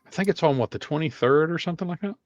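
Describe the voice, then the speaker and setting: A man co-hosting a casual livestream, tired and relaxed as he greets viewers by name and jokes with them. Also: on the high side, racing, dry recording, muffled recording. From North Carolina. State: tired, yawning. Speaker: co-host of a livestream show.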